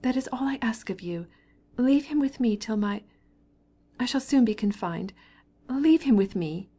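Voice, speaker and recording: A woman voicing a desperate, ashamed young wife who pleads in a low, tearful voice. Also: moderate pace, warm tone, natural voice. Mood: pleading.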